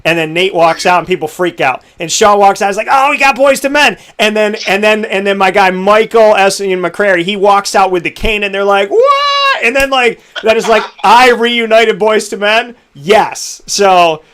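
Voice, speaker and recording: A young man hosting a casual interview, telling stories in an animated, emotional way. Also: high voice, moderate pace, hardly any pauses, clean tone. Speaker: podcast host.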